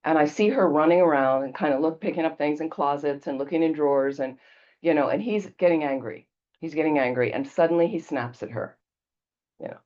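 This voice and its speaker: Low-voiced woman Buddhist teacher. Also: brisk, darkish tone, highs cut off. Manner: conversational storytelling, checks in with "okay?". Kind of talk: casual dharma talk.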